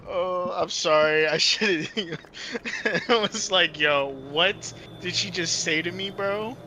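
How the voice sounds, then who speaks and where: A young man chatting casually while gaming, telling stories excitably. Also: high voice, slow pace, a little hiss or hum. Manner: excitable, laughing storyteller.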